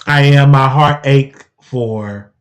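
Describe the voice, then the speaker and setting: A commentary host talking on a live stream, emphatic and repetitive, with big swings in pitch and loudness. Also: takes it slowly, highs cut off.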